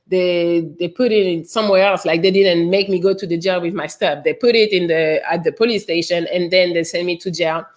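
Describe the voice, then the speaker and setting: A woman's voice: lowish voice, fairly even intonation, brisk, hardly any pauses. A woman host casually telling a personal story, candid, swearing freely and using lots of fillers.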